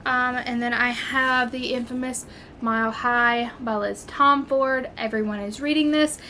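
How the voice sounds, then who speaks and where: A woman in a casual book vlog, talking in a gushing, excitable way with plenty of fillers. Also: fairly high pitch, measured pace, slight background noise. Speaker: book vlogger. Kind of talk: casual chat.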